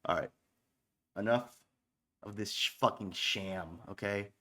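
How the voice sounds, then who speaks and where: A man in his thirties chats loosely between tracks as a stream's host, in a voice sitting a touch low. He rambles, restarts his sentences, swears freely and pokes fun at himself. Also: fairly even intonation, a little slow, bright, forceful tone. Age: 30s. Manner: self-mocking, joking asides. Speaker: online radio stream host. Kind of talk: casual stream chatter between songs.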